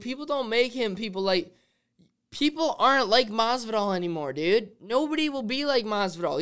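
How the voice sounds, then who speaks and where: Excitable young-sounding man, smooth voice. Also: high-pitched. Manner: excitable, says "dude" constantly; rambling fan talk with restarts. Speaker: podcast host. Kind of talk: casual podcast monologue.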